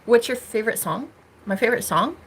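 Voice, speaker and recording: A woman's voice: on the high side, animated, brisk, a little hiss or hum. A young American woman hosting a casual livestream, chatting to viewers with a bubbly, giggly, teasing manner. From United States. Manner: bubbly, giggly, teasing, swings between loud squeals and murmurs. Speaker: livestream host. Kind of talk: casual livestream chat reading comments.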